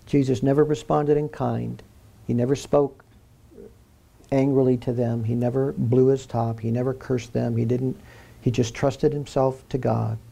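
A man's voice: medium pitch, little pitch movement, unhurried, creaky, mellow, slightly rough. A man preaching a sermon in an earnest way, repeating key phrases for emphasis.

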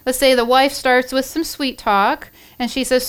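A woman giving an earnest devotional Bible teaching, with many pauses, fillers and restarts. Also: high-pitched, steady tone, clear, resonant tone. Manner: earnest, warm-hearted, with frequent fillers and restarts.

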